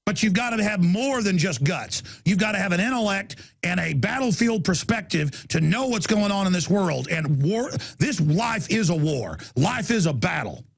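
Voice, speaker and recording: Gravelly middle-aged male radio host, combative rant, high lively pitch. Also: moderate pace, hardly any pauses. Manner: aggressive, combative, loud outbursts. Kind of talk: ranting radio monologue.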